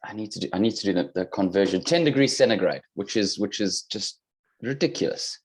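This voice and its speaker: A man's voice: fairly low pitch, lively intonation, a little fast, husky. A man with a South African accent, a podcast guest chatting casually over a video call with dry, joking humor. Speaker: podcast guest, fitness coach.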